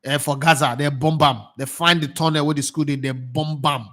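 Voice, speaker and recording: A Nigerian man with a Nigerian accent hosts a casual football talk show. His voice sits a little high, and he swings in and out of Pidgin with lively, laughing energy. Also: brisk. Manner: animated, mixes Pidgin with English, laughs often. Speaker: sports show host.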